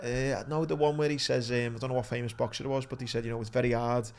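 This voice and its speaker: A man's voice: mid-range voice, flat delivery, fast, darkish tone, a little hiss or hum. A man hosting a casual sports podcast, slangy and easygoing, calling people lad. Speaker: podcast host.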